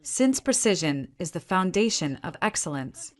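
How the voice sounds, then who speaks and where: Storybook role: a fearful, self-blaming young wife, put on by a woman narrator, low voice, tense and pleading. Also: sing-song, moderate pace. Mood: distressed.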